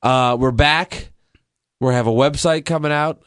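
A man from Pittsburgh co-hosting a podcast, playful and quick with comebacks. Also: mid-range voice, fairly bright tone, clear, resonant tone, no echo, studio quality. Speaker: podcast co-host. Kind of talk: casual banter.

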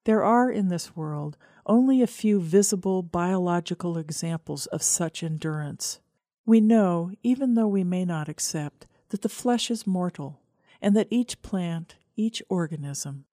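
A middle-aged woman reading her own nature essay in a calm, reflective storytelling manner. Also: on the low side, a little slow, dry recording, clean studio sound. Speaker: radio essayist. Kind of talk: scripted narration.

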